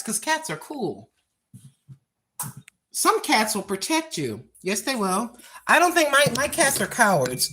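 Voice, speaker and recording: Older woman, casual vlog chat, rambling and repetitive, lilting voice, unhurried, slightly high. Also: pushed and bright, slight background noise. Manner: chatty, repeats herself, laughs at her own asides. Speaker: cooking and lifestyle vlogger.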